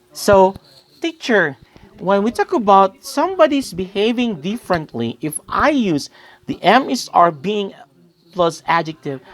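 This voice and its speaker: A young woman teaches English grammar in a recorded lesson. She talks slowly, her pitch swinging widely as she quizzes her listeners and calls them guys. Her voice sits a little low for a woman. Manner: explains with quiz-like questions and addresses listeners as guys.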